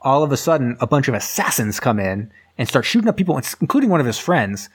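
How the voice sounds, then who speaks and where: A man's voice: mid-range voice, big pitch swings, quick pace, slightly rough. A man casually retelling a film's plot in a rambling, filler-heavy way, as a podcast host. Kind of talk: casual movie recap.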